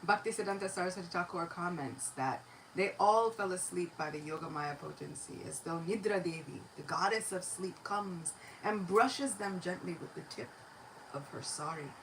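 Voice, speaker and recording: A woman giving a devotional lecture, telling a sacred story in an expressive, animated way. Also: fairly low pitch, normal speed, slight background noise, low-quality recording.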